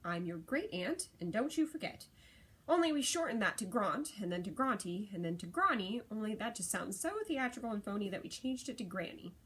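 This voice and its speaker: A woman's voice: mid-range voice, lively intonation, brisk, slightly rough. A woman doing a fussy, tender old granny. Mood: fond. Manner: prim, scolding then tender. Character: fussy, loving elderly great-aunt.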